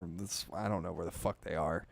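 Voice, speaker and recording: A man hosting a podcast, telling a story in a casual chat with animated, swearing delivery. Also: sits low, normal speed, vocal fry, dry recording. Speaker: podcast host.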